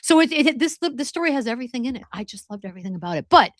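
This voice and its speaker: A woman co-hosting a podcast in rambling casual chat, full of quick asides. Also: a little high, sing-song, no room sound, clean studio sound. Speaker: podcast co-host.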